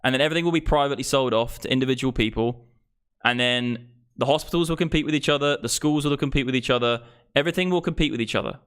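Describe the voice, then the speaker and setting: A young man with a medium-pitched, fairly bright, clean voice is ranting about politics on his livestream. He's a crypto streamer, swearing freely and working himself up into his streaming microphone in a profane, fired-up tirade.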